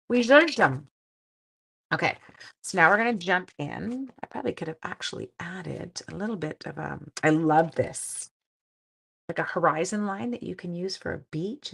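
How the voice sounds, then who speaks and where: A middle-aged woman hosting a crafting livestream, chatting casually and self-deprecatingly, often dropping to quiet mutters as she works. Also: lowish voice, vocal fry, husky.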